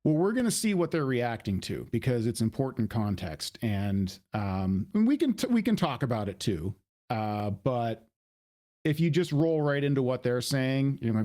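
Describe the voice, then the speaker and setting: A man's voice: mid-range voice, lively intonation, unhurried, dark tone. A man co-hosting a podcast, talking in a laid-back way as he sets up clips. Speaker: podcast co-host. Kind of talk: casual chat.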